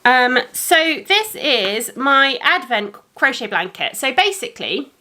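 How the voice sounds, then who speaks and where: A woman's voice: high-pitched, sing-song, slow, bright, forceful tone. A woman hosting a crafting podcast, chatting to camera in a rambling way with lots of ums. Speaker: crafting podcast host and yarn dyer. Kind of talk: casual chat to camera. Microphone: camera facing the speaker.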